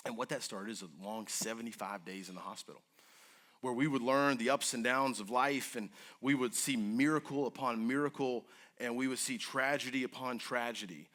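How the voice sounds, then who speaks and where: A man earnestly telling an emotional personal story to an audience, his voice moving between hushed and urgent. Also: medium pitch, moderate pace. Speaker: guest speaker.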